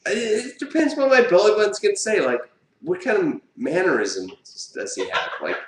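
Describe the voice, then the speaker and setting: A man co-hosting a casual live chat show, throwing in quick sarcastic quips. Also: high-pitched, huge pitch swings. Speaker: co-host. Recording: echoey room with clear background noise.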